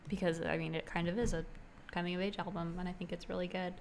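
Relaxed young woman with many ums. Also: lowish voice, fast talker, slight background noise. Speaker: podcast co-host. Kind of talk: casual chat.

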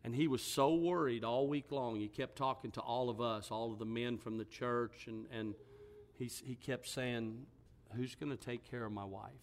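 A man's voice: medium pitch, fairly even intonation, normal speed, slight background noise. Pastor, a man telling a story, then preaching with rising emphasis. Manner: storytelling, drops to a hushed voice for quoted words, then rises with emphasis. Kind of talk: sermon.

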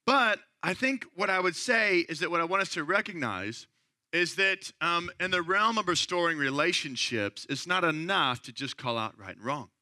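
Bright-voiced man preaching conversationally. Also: a little high, lively intonation, moderate pace, no echo. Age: 30s. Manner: conversational storytelling, frequent "right?" asides. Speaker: pastor. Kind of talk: sermon.

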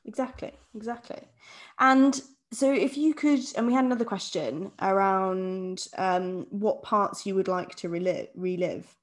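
A woman's voice: medium pitch, measured pace. A woman around thirty, co-hosting a podcast in casual chat and steering it with questions. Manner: easygoing, steers the conversation with questions. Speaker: podcast co-host.

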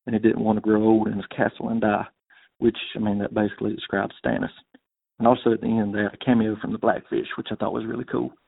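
A man's voice: on the low side, level tone, fast, gravelly, slightly rough. A man from South Carolina leaving a rambling, casual voicemail for a podcast, with lots of "uh"s. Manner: casual, rambling with many fillers. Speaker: caller. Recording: tinny phone line.

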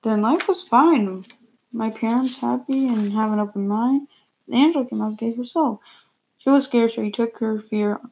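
A woman reading a first-person story aloud, plainly and a little haltingly, with repeated words. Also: a little high, warm tone, breathy edge, rough recording.

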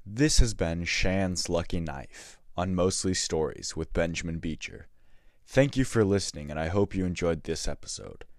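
Deep-voiced male story narrator. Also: animated, no echo, studio quality. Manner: measured storytelling. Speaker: storytelling podcast host. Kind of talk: scripted narration.

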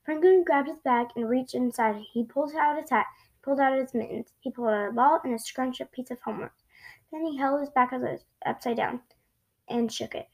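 Woman reading a children's book aloud, high voice, expressive, small slips. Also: fairly quick, rough recording. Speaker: storybook reader.

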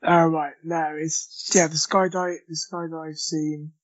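A man on a film podcast, easygoing and quick to laugh. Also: on the high side, little pitch movement, dull audio. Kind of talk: casual film review chat.

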